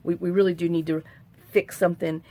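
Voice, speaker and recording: A woman's voice: fairly low pitch, little pitch movement, a little fast, warm tone. A middle-aged woman hosting a crafting tutorial at home, chatting in a rambling way with sighs and asides. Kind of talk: casual crafting tutorial chat.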